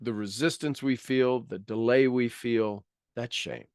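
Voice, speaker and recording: Man, motivational coach, animated, acts out quoted voices, dry close sound. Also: mid-range voice, measured pace, clean tone, dry recording. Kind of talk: motivational talk.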